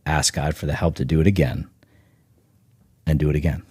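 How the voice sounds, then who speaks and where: Brief: deep-voiced man, punchy and conversational, dry close sound, repeats himself. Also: steady tone, fairly quick, darkish tone, husky, dry recording. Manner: emphatic, restarts and repeats words; swears casually. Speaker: guest, snack bar founder. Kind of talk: casual podcast chat.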